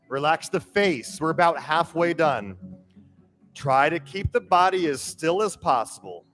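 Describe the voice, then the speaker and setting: A man teaching a guided breathwork class, giving calm, steady cues and counting breaths aloud. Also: high voice. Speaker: yoga and breathwork instructor. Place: yoga studio. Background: drum beat music.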